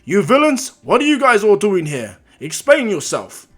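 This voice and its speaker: A man voicing a bold, protective, mighty hero who speaks loudly and confidently. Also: high-pitched, huge pitch swings, moderate pace, voice pushed up, full character voice. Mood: challenging.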